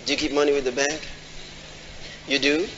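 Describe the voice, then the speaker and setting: A man preaching a sermon, often asking the congregation questions and acting out quoted voices in a high pitch. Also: little pitch movement, normal speed, bright, forceful tone, a little hiss or hum. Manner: call-and-response questions to the congregation. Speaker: pastor. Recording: dull audio in a large reverberant hall.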